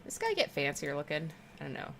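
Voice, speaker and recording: A woman streamer who rambles warmly through casual chat as she games. Her voice is bright and forward, sitting a little low for a woman. She talks to her viewers with easy affection. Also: huge pitch swings, fairly quick, gravelly, slight background noise. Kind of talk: casual chat while gaming.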